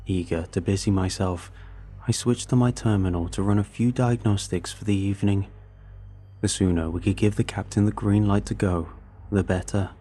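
Low husky male storyteller. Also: steady tone, moderate pace, warm tone, soft background music. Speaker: narrator. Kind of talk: first-person story narration.

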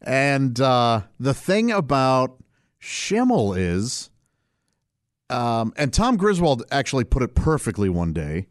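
A relaxed middle-aged male comedian talks at an easy pace in a casual interview, chuckling between thoughts. His voice sits at an ordinary middle pitch. The recording is close and dry, with no room sound. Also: no echo. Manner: laid-back, unhurried, chuckling often. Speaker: stand-up comedian.

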